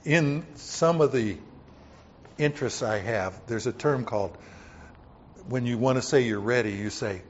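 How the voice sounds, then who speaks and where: A man preaching a sermon to his congregation in a folksy way, swinging from loud emphatic points to quiet offhand asides. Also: mid-range voice, moderate pace, muffled recording, slight background noise. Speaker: pastor.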